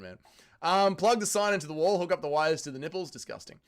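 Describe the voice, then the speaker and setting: A man's voice: a little high, fairly quick, a bit bright. A man with an Australian accent hosting a livestream, answering chat comments in sweary, joking banter. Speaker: livestream host reading chat.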